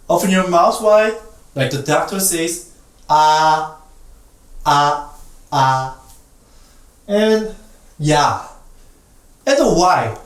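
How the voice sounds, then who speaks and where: Playful language teacher in a roomy space. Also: mid-range voice. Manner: drills sounds with repetition and jokey comparisons. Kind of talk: playful beginner language lesson. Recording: roomy, distant mic, faint music behind.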